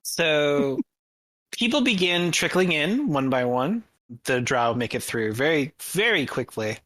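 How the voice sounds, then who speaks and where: A woman running a tabletop game as game master, describing the scene and prompting players. Her voice is bright and forceful, recorded dry and close. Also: low-pitched, big pitch swings, takes it slowly, no echo.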